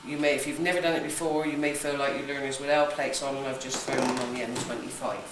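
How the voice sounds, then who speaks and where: Rumbling low and flat, talking fast, a West Country psychic briefs a ghost-hunt group with jokes and chatter, repeatedly checking "okay?". The audio comes from a camera far away in a big, echoey old-building room, under heavy background noise.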